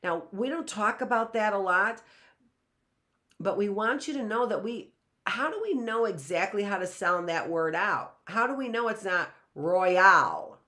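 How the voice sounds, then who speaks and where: A middle-aged woman teaching an online phonics lesson, explaining slowly and sounding out letters and words. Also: medium pitch, expressive, a bit bright.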